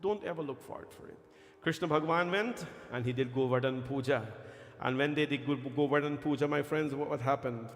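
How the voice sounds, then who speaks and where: A man's voice: mid-range voice, brisk. A man, a temple pandit giving a sermon and chanting Sanskrit verses with growing fervor. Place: temple hall. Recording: echoey temple hall with music.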